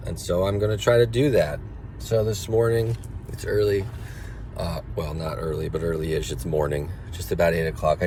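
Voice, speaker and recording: A man's voice: deep voice, darkish tone, a little hiss or hum. A father talking alone in an earnest, confessional way, his voice rising as he gets emotional. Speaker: father sharing a personal reflection. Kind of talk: unscripted personal monologue. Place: car, after school drop-off.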